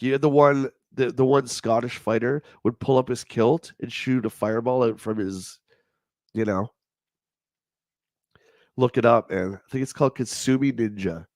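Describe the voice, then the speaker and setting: A man with a stuffed-up, nasal voice of medium pitch, a little mellow, hosts a livestream in clean studio sound with no room echo. He reads old magazine reviews aloud, then riffs on them in a rambling, jokey way.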